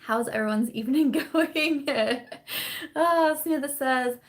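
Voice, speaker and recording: Young woman vlogger, casual live-stream host at home, chatty and rambling, quick to laugh. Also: high-pitched. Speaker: vlogger hosting a live chat. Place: at home in the evening.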